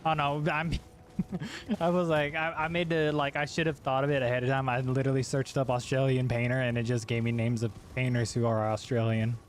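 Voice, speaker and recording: A man's voice: medium pitch, flat delivery, fast, hardly any pauses, slight background noise. A young man casually chatting while streaming a video game, rambling, swearing and laughing at himself. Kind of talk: casual gaming chat.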